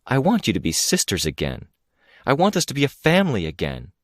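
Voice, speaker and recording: A man's voice: mid-range voice, wildly swooping pitch, fairly quick, dry recording, pitched above the performer's own voice. Audiobook: male reader doing a composed, insistent mother, lifted voice, clean dry read. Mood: coaxing. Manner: earnest, coaxing, insistent. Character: composed, pleading middle-aged mother. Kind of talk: audiobook character reading.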